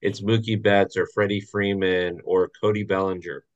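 Male podcast host, lower voice, easygoing teasing, lo-fi dull audio. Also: little pitch movement, normal speed. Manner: easygoing, teasing questions to co-hosts. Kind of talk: casual sports chat.

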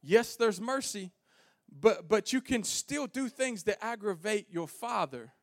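A male pastor preaching a sermon to a congregation in a church, swinging from soft pleading to shouted, sing-song preaching, folksy and calling out to the room. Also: sits high, expressive, a little slow, no echo, studio quality. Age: young adult. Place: church sanctuary before a congregation.

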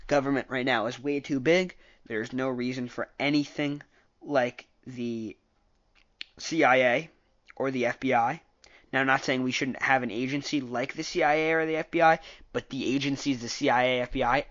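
In a steady, slightly bright mid-range voice at normal speed, a man rambles through a casual recap of a political debate, sharing his views and revising himself mid-sentence. The sound is lo-fi.

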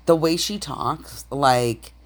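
A woman's voice: a bass voice, slow. A woman co-hosting a podcast in casual chat, gossiping bluntly about reality TV and swearing freely. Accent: Canadian. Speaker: podcast co-host.

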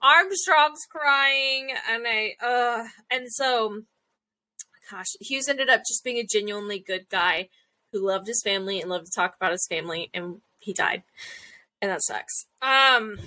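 A woman's voice: fairly high pitch, measured pace, bright, forceful tone. A woman casually recapping a show episode, retelling scenes and acting out the characters' lines. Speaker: podcast co-host.

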